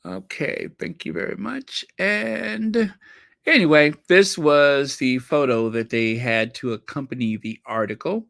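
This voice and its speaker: Male host, bright voice, unhurried rambling commentary, reads out comments. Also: on the high side, vocal fry, no room sound, studio quality. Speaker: channel host. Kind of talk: casual commentary reading comments.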